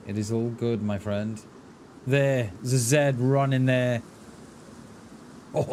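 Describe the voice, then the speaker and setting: A man's voice: mid-range voice, measured pace, a little mellow. A man with a light, washed-out Mid Welsh accent and a mid-range voice talks loosely through a game stream. He drifts between musing on plans and calling out what he sees, and he answers viewers with an easy "mate". A faint hum sits under his voice. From Mid Wales. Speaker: live streamer. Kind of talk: casual gaming commentary.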